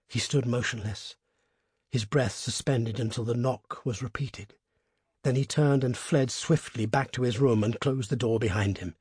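A man reading a short story aloud in a measured, hushed and tense way, as scripted narration. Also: mid-range voice, breathy edge, dry recording, clean studio sound. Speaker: reader.

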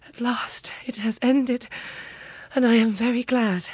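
A woman's voice: fairly high pitch, steady tone, unhurried, a little mellow, husky, no echo, pitched above the performer's own voice. A woman reading the part of a poor, worn-down Frenchwoman who speaks earnestly and with rising emotion. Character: worn-down poor Frenchwoman, middle-aged, proud.

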